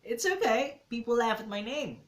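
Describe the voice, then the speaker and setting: A man reading a novel aloud, voicing an earnest, funny teenage boy who sounds a little hoarse and talks openly and sincerely. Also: very high voice, lively intonation, moderate pace, fairly bright tone, voice pushed up. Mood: reassuring. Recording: roomy echo.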